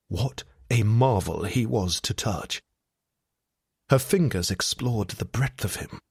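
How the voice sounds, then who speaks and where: A man narrating a romance audiobook with steady, sensual storytelling. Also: mid-range voice, gravelly, slightly rough, no room sound, clean studio sound.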